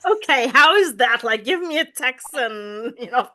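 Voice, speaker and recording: Woman interview host, high and bright, enthusiastic and quick to praise. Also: expressive. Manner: enthusiastic, eager reactions and praise. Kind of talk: casual interview chat.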